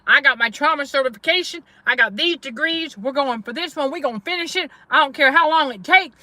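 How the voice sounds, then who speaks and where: A middle-aged woman who coaches trauma survivors from a faith perspective and hosts a channel preaches on a casual livestream. She talks a little fast in a high, pushed, bright voice, testifying and repeating herself for emphasis.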